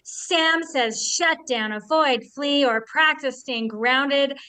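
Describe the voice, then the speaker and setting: A woman's voice: high voice, takes it slowly, dry recording. A woman co-hosting a live podcast session, reading out participant shares and adding short comments. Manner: reads each share aloud, then adds short warm comments.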